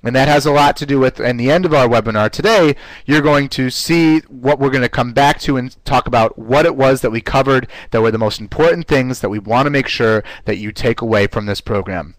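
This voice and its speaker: Male webinar instructor, mid pitch, coaching tone, dry close-mic sound. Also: a little fast, no room sound, rough recording. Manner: energetic, coaching, repeats words as he goes. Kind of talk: live online class.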